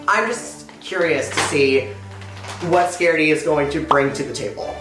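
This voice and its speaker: A man co-hosting a podcast, reviewing a TV episode in casual, enthusiastic chat with quick asides. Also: fairly high pitch, lively intonation, reverberant, music in the background, low-quality recording. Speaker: podcast co-host.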